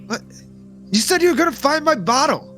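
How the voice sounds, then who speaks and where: A man's voice: very high-pitched, animated, fairly quick, pushed and bright, faint music behind, voice pushed up, exaggerated voice. A man voicing a confused, drunk, portly middle-aged man who stammers and whines. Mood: rattled. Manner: stammering, slurred and whiny.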